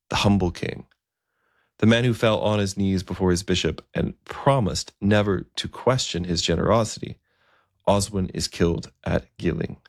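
Deep gravelly male storyteller. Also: no room sound, studio quality. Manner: conversational, vivid retelling. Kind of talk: storytelling narration.

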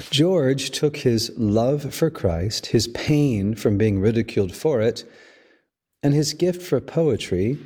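A man, a priest hosting a podcast, giving a measured, storytelling homily. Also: medium pitch, darkish tone, slightly rough. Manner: slow, measured, storytelling delivery. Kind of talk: reflective spoken homily.

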